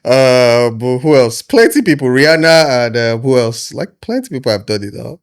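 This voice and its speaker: A male podcast host asks his guest questions in a relaxed, teasing manner. He keeps pushing playfully for a real answer. His voice sits at an ordinary middle pitch. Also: moderate pace, smooth. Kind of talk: casual interview questions.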